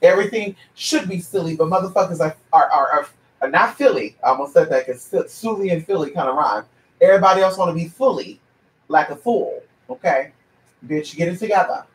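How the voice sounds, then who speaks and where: Man, high-pitched, sassy and profane, blunt advisor rant, off-mic, roomy echo. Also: animated, brisk, recorded from a distance. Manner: brassy, profane, sassy and preachy. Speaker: paid advisor answering viewer questions. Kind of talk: blunt ranting monologue. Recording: echoey room, away from the mic.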